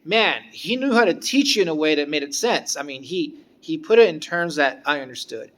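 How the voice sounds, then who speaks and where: Man, slightly high voice, casual rambling storyteller with lots of restarts. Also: expressive, fairly bright tone. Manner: rambling, halting, with frequent restarts. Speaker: former guitar student.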